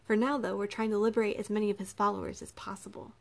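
A soft-spoken, persuasive prince who coaxes rather than commands, as a woman narrator puts him on. He speaks gently and patiently in a storybook reading, at a plain middle pitch. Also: little pitch movement, fast, gravelly, lightly acted. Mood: calm, persuasive. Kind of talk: audiobook character reading.

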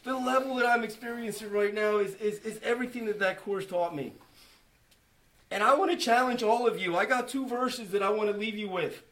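Earnest high-voiced man giving testimony. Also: a little fast, a bit bright. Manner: emotional, earnest, with many restarts and quoted dialogue. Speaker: church member giving testimony. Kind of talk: personal testimony to a church group.

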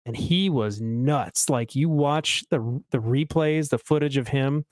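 A man's voice: mid-range voice, a little slow, no echo, clean studio sound. A man from Chicago co-hosting a podcast, chatting casually about sports and teasing his friends. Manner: teasing, animated storyteller. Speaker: podcast co-host.

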